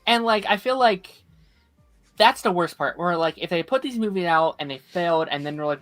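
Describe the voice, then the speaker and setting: A man's voice: high-pitched, brisk, fairly bright tone, faint music behind. A man on a casual talk panel, making his point in long, rambling sentences. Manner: rambling, lots of "like" fillers.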